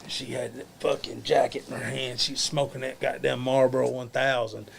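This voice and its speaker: A man's voice: mid-range voice, fairly quick, creaky. A man guesting on a podcast, a former wrestler telling profane backstage stories with lots of swearing. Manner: crude, swearing and animated, laughs at his own tales.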